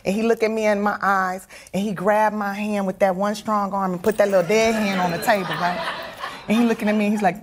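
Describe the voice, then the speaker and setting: A woman guest telling comic stories from her life, animated and laughing, acting out the people in them. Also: mid-range voice, fairly quick, slight background noise. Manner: animated, laughing, acts out other voices. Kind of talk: comic storytelling in conversation.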